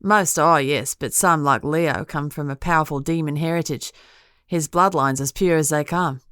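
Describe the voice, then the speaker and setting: A woman's voice: deep voice, normal speed, a bit bright, clear, resonant tone, dry recording, clean studio sound. A woman voicing a brash, casual young witch fighter with an Australian accent in an audiobook. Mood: breezy. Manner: breezy, offhand and teasing. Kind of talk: audiobook character voice.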